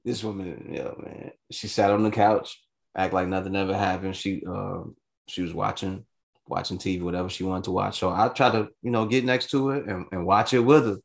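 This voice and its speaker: A man telling a personal story in casual chat, animated and swearing freely, jumping into high voices for quotes. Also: moderate pace, gravelly.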